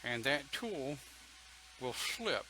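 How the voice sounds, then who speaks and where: A man's voice: mid-range voice, big pitch swings, very slow, pushed and bright, a little hiss or hum, low-quality recording. An older man leading an online pagan church talk, folksy and chatty, reading viewer comments and laughing often.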